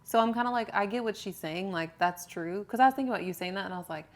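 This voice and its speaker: A young woman co-hosting a casual podcast, telling candid stories with giggles and animated bursts. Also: mid-range voice, quick pace, few pauses. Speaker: podcast co-host, personal trainer. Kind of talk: casual chat.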